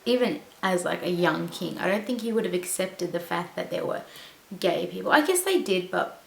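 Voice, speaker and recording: A woman's voice: lowish voice, animated, normal speed, gravelly. A woman vlogger chatting casually about a TV show, rambling with lots of fillers and restarts. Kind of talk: casual chat. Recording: echoey room with faint hiss.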